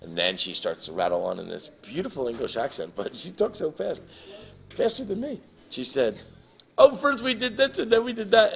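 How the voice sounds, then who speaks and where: A man telling an animated, emotional anecdote as a guest in a live interview, acting out the people in his story. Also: medium pitch, vocal fry. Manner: emotional, laughs while telling. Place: live event in front of an audience.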